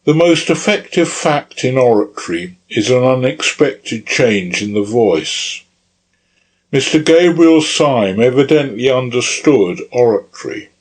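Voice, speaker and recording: A man narrating an audiobook in a measured, deliberate manner. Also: medium pitch, lively intonation, rough recording. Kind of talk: scripted narration.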